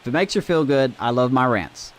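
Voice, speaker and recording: A man's voice: mid-range voice, brisk. A man streaming a baseball video game, cheering plays, ranting and chatting with his viewers. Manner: animated, cheering and ranting, talks to chat. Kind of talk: live gameplay commentary.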